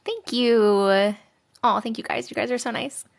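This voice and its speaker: A woman's voice: a little high, steady tone, measured pace, creaky. A young woman hosting a casual live stream, chatting with viewers and reading their stories aloud, giggly and sometimes dropping to a whisper.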